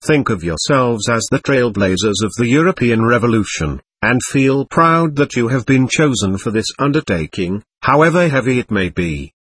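A man's voice: mid-range voice, breathy edge, no room sound. A man voicing a pompous German army major giving a stiff, formal rallying speech to troops.

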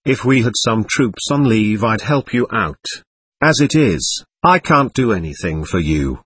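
A man putting on a brusque army lieutenant, short on patience and full of contempt. His voice jumps sharply up and down and has a husky grain in a dry, close recording. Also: on the low side, expressive, unhurried, no echo. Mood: impatient. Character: impatient harsh male army lieutenant.

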